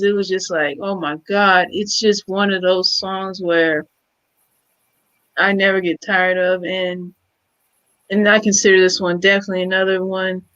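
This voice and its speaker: A woman's voice: medium pitch, a bit bright, lo-fi sound. A woman co-hosting a casual hip hop album review, chatty and a bit hesitant.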